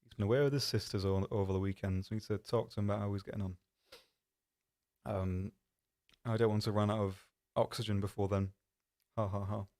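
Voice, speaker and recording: A man's voice: on the low side, steady tone, fairly quick, a little mellow. A man hosting a live stream, chatting casually in a rambling, self-deprecating way with lots of ums. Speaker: stream host.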